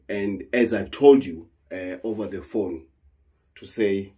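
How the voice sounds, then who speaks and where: A man's voice: lowish voice, slow, mellow, husky. A South African man, a traditional healer, talking heatedly and earnestly to camera, repeating words and mixing in Zulu phrases. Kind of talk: emotional monologue to camera.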